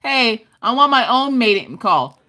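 A woman hosting a casual crafting livestream from her desk at home, reading out viewer comments in a loud, bawdy, joking way and laughing often. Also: a little high, big pitch swings, measured pace. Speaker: livestream host.

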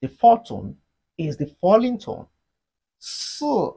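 A Mandarin teacher giving an online lesson, explaining slowly and deliberately and leading repeat-after-me drills. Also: mid-range voice, sing-song, a little mellow, slightly rough. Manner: slow, deliberate explaining, modeling sounds for learners.

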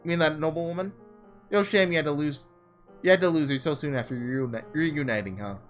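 A man's voice: a little high, brisk, faint music behind, lightly acted. A man doing a mocking slang-talking slum guy. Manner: slangy, mocking, gruff drawl. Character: scornful young man from the slums, blunt.

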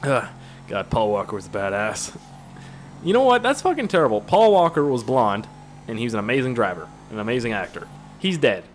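A man's voice: medium pitch, sing-song, brisk, slight background noise. A young man doing casual, profane gameplay commentary, rambling and joking as he plays. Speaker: gaming channel host.

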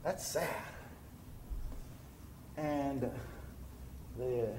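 A man's voice: mid-range voice, extremely slow, noisy background. A man preaching a sermon in a church, telling a story and building to impassioned emphasis. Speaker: pastor. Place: church sanctuary. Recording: echoey church room.

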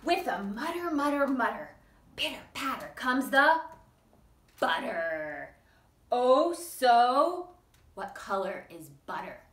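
A woman's voice: fairly high pitch, sing-song, slow pace, fairly bright tone. A woman reading a picture book and nursery rhymes to young children at a library storytime, sing-song and coaxing them to join in. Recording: echoey room, mic at a distance.

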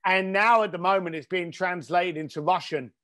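A man's voice: high voice, moderate pace, a crowd in the background. A middle-aged man from East London, a guest entrepreneur and author, telling stories in a casual interview in a blunt, emphatic way. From East London, England.

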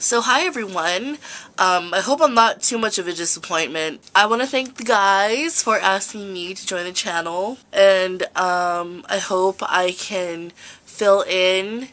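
A woman's voice: mid-range voice, a little slow, pushed and bright. A woman in her twenties from California, chatting in a casual vlog while sick, self-mocking and chatty. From California, USA. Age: 20s. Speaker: vlogger.

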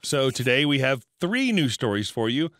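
A man reading a written story aloud as a narrator, with even, read-aloud delivery. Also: medium pitch, normal speed, dry recording. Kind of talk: scripted narration. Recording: dry close voice with faint music.

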